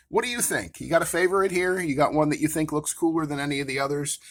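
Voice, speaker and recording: A man's voice: mid-range voice, a bit bright. A man hosting a casual collector video who talks through his action figures in a rambling, enthusiastic, self-deprecating way. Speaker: toy collector, channel host. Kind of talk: casual collector show-and-tell.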